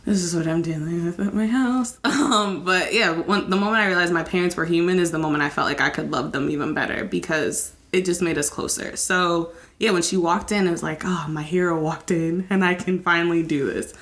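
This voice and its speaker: Young woman host, low, storytelling. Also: fairly quick, few pauses. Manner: emotional, storytelling, animated quoting. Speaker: podcast host. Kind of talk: candid podcast chat.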